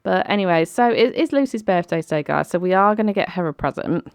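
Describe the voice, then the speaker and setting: A woman's voice: on the low side, lively intonation, smooth, no echo. A young woman hosting a life-sim game let's play, chatting casually with lots of fillers and sudden exclamations. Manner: chatty, filler-heavy, quick to laugh and exclaim. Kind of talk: casual gameplay commentary.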